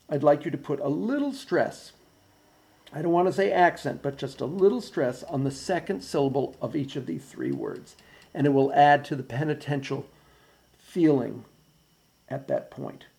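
Choir director, male, gravelly and unhurried, counting beats over a piano. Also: a little high, lively intonation. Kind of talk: choir practice instruction. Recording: recording with loud piano playing.

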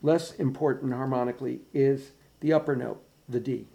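A man directing a choir's bass section, patiently explaining how to sing each phrase and counting them in. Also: steady tone, moderate pace, vocal fry, mellow. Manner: patient, precise coaching with counting in. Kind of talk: choir rehearsal instruction. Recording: practice recording with piano.

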